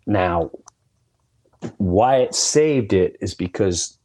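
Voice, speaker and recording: A man's voice: low voice, animated, extremely slow, darkish tone, a little hiss or hum. A man hosting a solo podcast, telling candid, emotional stories full of quoted dialogue. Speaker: podcast host. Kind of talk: solo storytelling monologue.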